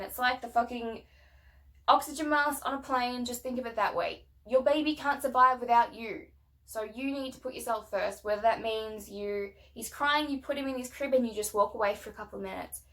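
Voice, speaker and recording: A woman's voice: on the high side, normal speed, fairly bright tone. A young woman venting in a casual rant to camera, blunt and swearing often, emphatic and heated. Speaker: vlogger.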